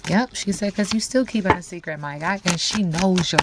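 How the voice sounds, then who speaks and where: A woman's voice: on the low side, a little fast, heavy background noise. A woman giving a casual, slangy tarot reading straight to her viewers, full of asides and catchphrases. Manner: chatty, slangy, frequent asides. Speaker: tarot reader.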